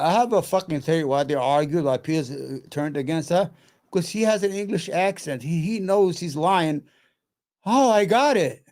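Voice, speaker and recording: A man's voice: fairly high pitch, darkish tone. A man hosting a show, giving blunt, heated reaction commentary and swearing freely. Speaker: host.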